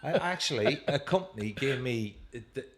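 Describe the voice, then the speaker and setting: A man, a former footballer and co-host, telling anecdotes in a casual chat with lively quoting and laughter. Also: medium pitch, normal speed.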